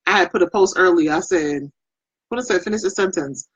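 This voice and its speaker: A woman's voice: on the low side, brisk, dull audio, a little hiss or hum. A woman doing a chatty, rambling makeup live stream, greeting her viewers by name. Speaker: makeup vlogger and beauty product presenter. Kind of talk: casual live-stream chat.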